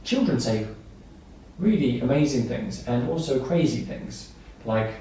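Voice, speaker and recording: A man gives a staff training lecture, explaining slowly and simply with repeated points and examples. His voice is dark and mellow. He is recorded from a distance in a very echoey room with faint background noise. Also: mid-range voice, animated.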